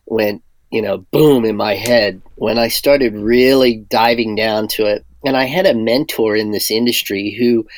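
Animated male storyteller, dry sound. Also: on the low side, no room sound. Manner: animated storyteller who acts out quoted dialogue. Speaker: guest, sorbent product entrepreneur. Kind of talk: casual storytelling interview.

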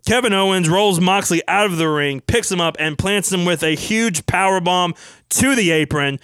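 A man casually narrating a wrestling storyline as brisk play-by-play. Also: a little high, a bit bright, dry recording.

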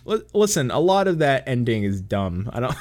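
Male streamer, casual game chat, animated delivery, frequent laughs, salty language. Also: medium pitch, normal speed.

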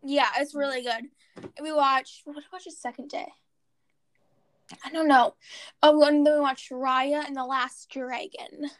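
A woman's voice: high-pitched, steady tone, unhurried, long pauses, dry recording. A woman chatting casually on a podcast, rambling and searching for words with many fillers. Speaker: podcast co-host. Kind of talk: casual chat.

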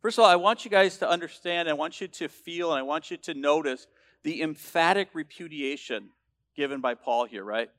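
A man preaching with a slightly high voice. He teaches a sermon with emphatic force, climbing to loud declarations and often restarting his sentences. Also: a little fast. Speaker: pastor.

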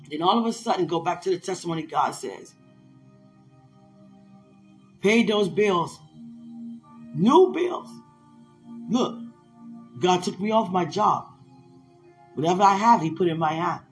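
Fervent high-voiced male preacher. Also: unhurried, long pauses, faint music behind. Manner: fervent, emphatic, laughs at times. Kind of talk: sermon-style podcast talk.

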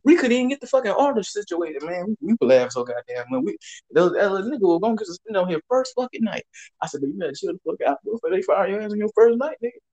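Animated Southern man telling a story. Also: high-pitched, racing. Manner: animated, profane, acts out quotes. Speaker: storyteller host. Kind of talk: casual storytelling chat.

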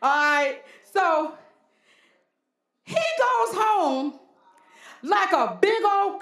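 A woman preacher delivering a folksy, animated sermon with call-and-response, in a church. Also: very high-pitched, very slow, pauses often. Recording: roomy church hall echo.

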